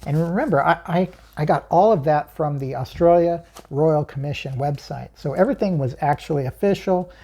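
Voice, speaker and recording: A woman's voice: sits low, fairly quick, hardly any pauses, warm tone. A woman hosting her own channel, telling a personal story in an emphatic way, chuckling often and asking herself questions.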